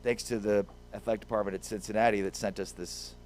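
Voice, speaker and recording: A man's voice: on the low side, steady tone, fast, darkish tone, a little hiss or hum. A man hosting a sports radio show in a studio, bantering playfully and reading sponsor messages. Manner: playful, jokey banter with reads of sponsor spots. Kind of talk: casual sports radio chat.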